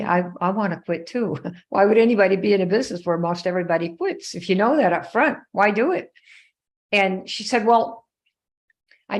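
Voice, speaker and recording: A woman hosting a live stream, telling a story in a conversational way, checking in with viewers by name and acting out quoted dialogue in her own voice. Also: fairly low pitch. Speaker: live show host.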